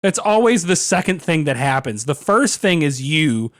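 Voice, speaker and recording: A man's voice: on the high side, very animated, normal speed, a bit bright, no room sound, clean studio sound. A tipsy man co-hosting a casual podcast, wry and profane, laughing often. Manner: wry, swearing, laughs a lot. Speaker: podcast co-host. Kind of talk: casual live-stream chat.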